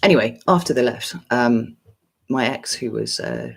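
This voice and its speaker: A woman's voice: very deep voice, moderate pace, gravelly, husky, rough recording. A woman in her forties, chatting casually on a livestream and telling a long story in a frank, sweary, rambling way with lots of fillers. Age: 40s. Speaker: tarot reader livestreaming to a chat.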